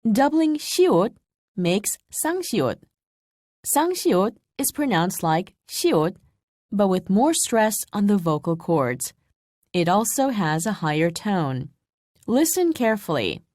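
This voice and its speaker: A woman reads a language lesson script with clear, measured explanations. Her pitch moves in a lively way through each sentence. The recording is dry and close, like a studio voice-over. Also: dry recording. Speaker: language instructor. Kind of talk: scripted instructional narration.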